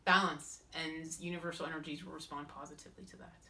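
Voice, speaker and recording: A woman chatting in a casual vlog as a spiritual advisor, animated and self-mocking. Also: low-pitched, fast talker, far from the mic.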